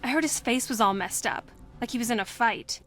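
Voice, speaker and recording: A woman's voice: on the high side, fairly quick, fairly bright tone, faint music behind, lightly acted. An actress playing a chatty, bossy teenage girl school monitor who talks in a breezy, gossipy way in a video game.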